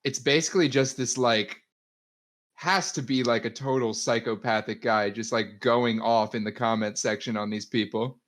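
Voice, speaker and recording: A young man co-hosting a loose, casual podcast with friends. He laughs easily and slips into mock-dramatic readings when quoting something. His voice sits at an ordinary middle pitch. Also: steady tone, moderate pace, fairly bright tone. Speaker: podcast co-host. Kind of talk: casual chat.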